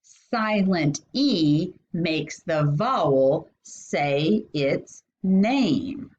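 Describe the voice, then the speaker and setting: A woman with a fairly low voice teaches a phonics lesson at a very slow, deliberate pace. She stretches out each vowel sound and lifts her pitch when she asks a question. The recording sounds dull and lo-fi. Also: expressive, a little mellow.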